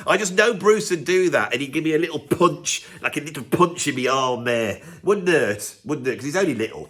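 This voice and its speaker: A professional drummer who hosts his own YouTube channel delivers a sarcastic comedic rant to camera, mock-pompous and self-mocking. His voice is fairly high, expressive and a bit bright, moving briskly with few pauses.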